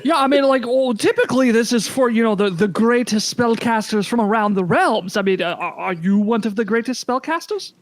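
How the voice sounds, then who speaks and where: A game master voicing a flustered, flattering veteran woman crime-scene captain who rambles. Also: mid-range voice, fairly quick, hardly any pauses, close to an everyday voice. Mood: smug. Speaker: non-player character.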